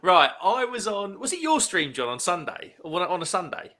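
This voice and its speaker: A man's voice: high voice, very animated, brisk, bright, forceful tone. A man hosting a casual livestream with friends over a video call, joking and reading out chat comments. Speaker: livestream host. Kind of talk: casual banter.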